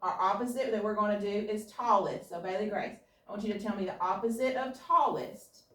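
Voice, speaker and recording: A woman teacher leading a class through slow, deliberate phonics drills and a vocabulary lesson. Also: mid-range voice, fairly bright tone. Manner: slow, deliberate drilling of words and letter sounds. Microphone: camera set up across the room. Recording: echoey classroom, recorded from a distance.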